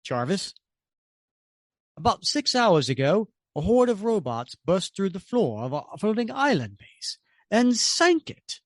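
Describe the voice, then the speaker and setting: A heroic male leader gives orders, calm and commanding, as a man reads him from a comic. The pitch moves a lot. The sound is close and dry. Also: a little slow, dry recording.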